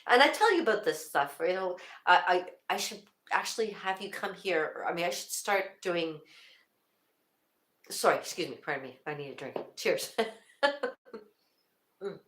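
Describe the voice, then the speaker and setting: A woman's voice: lowish voice, expressive, normal speed, long pauses, fairly bright tone. An older woman hosting a casual livestream, rambling and laughing often, with many restarts. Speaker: livestream host. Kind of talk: casual chat to viewers. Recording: echoey room.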